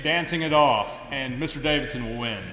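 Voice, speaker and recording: A man's voice: medium pitch, fairly quick, over a noisy crowd. A man who teaches, co-hosting a live school podcast with playful, teasing banter. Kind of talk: casual live show banter. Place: school gym. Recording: echoey gym with long reverb.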